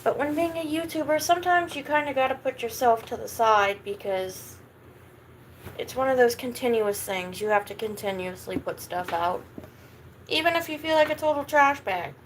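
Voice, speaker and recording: A woman hosting a casual livestream, tired and lethargic, swearing offhandedly, and switching to high sing-song baby talk when she talks to her cat. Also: normal speed, a little hiss or hum, low-quality recording. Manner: low-energy, sluggish, swearing casually. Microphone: camera mic.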